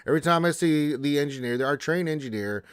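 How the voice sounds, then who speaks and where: A man's voice: fairly high pitch, brisk, clean tone, no room sound. A man hosting a gaming livestream, casually reading viewer messages aloud and answering them in a laid-back way. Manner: laid-back, reads chat aloud in a lifted voice. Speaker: livestream host reading chat.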